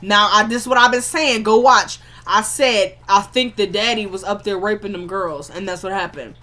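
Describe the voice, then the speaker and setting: A woman's voice: mid-range voice, normal speed. A woman casually recapping a TV episode, talking in a slangy, conversational way and animatedly acting out what the characters said. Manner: animated storyteller acting out quotes. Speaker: TV show recap vlogger.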